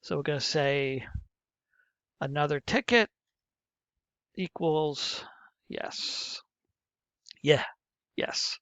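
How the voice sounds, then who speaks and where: A man's voice: on the high side, very slow, long pauses, a bit bright, no echo. A middle-aged male teacher walking through a programming lesson step by step, muttering to himself as he types. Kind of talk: screen-recorded coding lesson. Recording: muffled, dull lo-fi mic.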